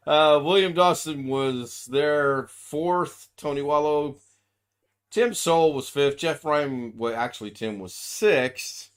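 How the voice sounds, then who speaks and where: A man's voice: mid-range voice, takes it slowly. A man hosting a casual live stream, chatting loosely and reading out viewers' names. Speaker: livestream host.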